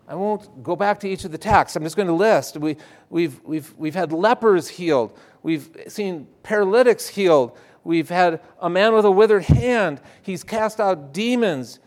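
Animated preaching man. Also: sits high, unhurried. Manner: animated preaching, shifting between loud emphasis and hushed asides. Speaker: pastor. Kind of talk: sermon.

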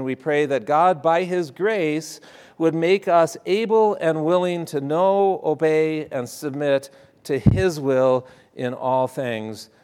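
A man preaching a sermon in a slightly higher than usual voice. His delivery is animated, with loud emphatic stretches that drop into quiet, hushed asides. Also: smooth. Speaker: pastor.

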